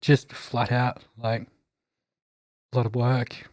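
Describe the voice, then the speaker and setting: A man's voice: mid-range voice, flat delivery, takes it slowly, darkish tone, dry recording. A young man chatting casually as a podcast guest, laid-back and swearing, trailing off.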